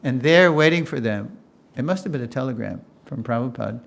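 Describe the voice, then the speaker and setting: A gravelly older man tells a story to a class. He talks in an animated way, acts out what people said, and laughs as he goes. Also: mid-range voice, brisk. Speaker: lecturer. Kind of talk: storytelling lecture.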